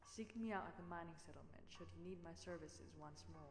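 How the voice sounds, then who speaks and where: A woman's voice: on the low side, fast talker, creaky. A woman voicing a confident female mercenary follower with a formal, self-assured manner in a video game. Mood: curt. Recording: echoey game audio with long reverb.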